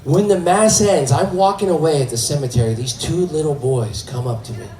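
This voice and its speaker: A man in his thirties performing a stand-up routine on a comedy club stage, telling stories in an animated way. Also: fairly high pitch, fairly quick. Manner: animated storytelling. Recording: echoey club from far off, faint crowd.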